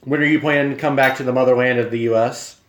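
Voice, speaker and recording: A man's voice: mid-range voice, fairly even intonation, fast talker, fairly bright tone, echoey room. A young man chatting casually with his live-stream viewers from his home kitchen, rambling and friendly, sometimes talking with his mouth full.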